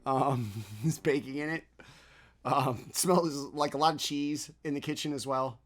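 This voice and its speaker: A man's voice: on the high side, a little slow, a bit bright. A man running a tabletop game as game master. He narrates in a loose, rambling way with plenty of fillers and laughter between lines.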